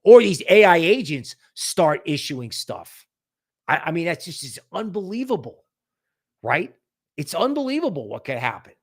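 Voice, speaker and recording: A man's voice: fairly high pitch, moderate pace. A man hosting a crypto livestream, talking casually and animatedly, often mocking other people's worries in quoted voices. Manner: animated, sarcastic, mock-quoting others.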